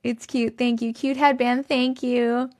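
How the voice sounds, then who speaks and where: A woman's voice: fairly high pitch, little pitch movement, unhurried, a little mellow. A woman hosting a livestream from her basement on a regular microphone, chatting casually, laughing often and thanking viewers as she reads their comments aloud. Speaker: livestream host. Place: home basement.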